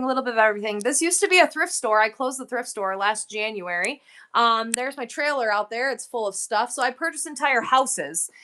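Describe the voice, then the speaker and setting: A woman's voice: on the high side, pushed and bright, clean tone. A woman chatting casually on a livestream from her shop, effusive and thankful toward her viewers. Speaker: livestream seller. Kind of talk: casual live-stream chat. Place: indoors in her shop, a former thrift store.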